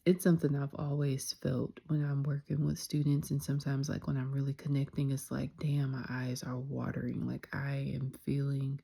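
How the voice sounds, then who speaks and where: A young woman talking candidly in a reflective personal vlog, soft-spoken and sometimes dropping into a whisper. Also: very deep voice, monotone, moderate pace, vocal fry, hardly any pauses, slightly rough. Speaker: vlogger.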